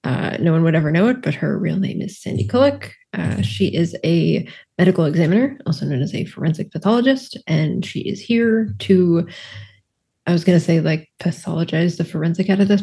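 A player introducing her character at a tabletop game table, with quick asides and frequent laughs. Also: mid-range voice, gravelly, warm tone, breathy edge.

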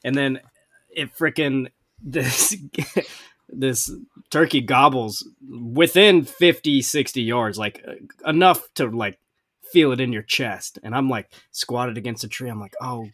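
A man hosting a podcast, chatting casually and excitably, swearing now and then. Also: mid-range voice, unhurried, no echo, studio quality. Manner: excitable, swears, laughs at himself. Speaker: podcast host. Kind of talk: casual chat.

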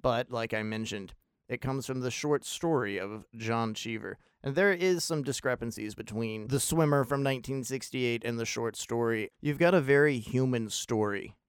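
A man's voice: medium pitch, normal speed, clean tone, no room sound, studio quality. A man casually reviewing a film on his show, opinionated and rambling, with wry self-deprecating asides.

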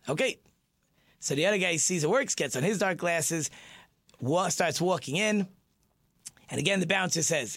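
Brief: male talk show host, chatty and rambling, fairly high voice, dry close sound. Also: lively intonation, normal speed, a bit bright, dry recording. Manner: chatty, rambling, with fillers and restarts. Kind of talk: casual talk show chat and joke telling.

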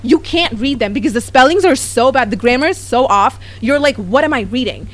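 A woman's voice: high voice, brisk. Chatty woman telling gossip. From United States. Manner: animated storytelling, quoting others. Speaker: vlogger. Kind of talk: casual gossip chat.

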